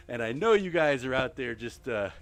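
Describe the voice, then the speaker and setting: A middle-aged man talks through a live gameplay stream while walking on a treadmill, audibly short of breath. He drops to a near whisper when counting blocks to himself, then lifts his voice to chat with viewers. His pitch sits mid-range for a man. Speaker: gaming streamer.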